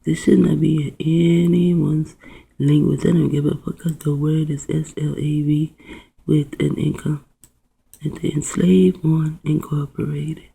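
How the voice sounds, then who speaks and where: This video host mixes reading aloud with rambling musings, spelling out words letter by letter and letting out soft exclamations, often sinking into a whisper. The mid-range voice is unhurried, creaky, and a bit breathy, with little pitch movement, and the recording is rough.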